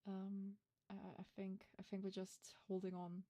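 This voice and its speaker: Flustered woman streamer with vocal fry. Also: medium pitch, monotone, normal speed, dark tone. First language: not English. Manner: hesitant, flustered, self-interrupting asides. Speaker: streamer host. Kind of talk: reading fan fiction aloud and chatting with viewers.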